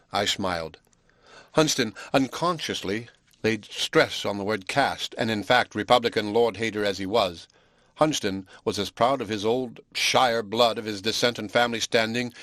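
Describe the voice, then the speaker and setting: An audiobook narrator with a lowish voice reads scripted narration in a measured, even storytelling style. The recording is studio quality with no echo.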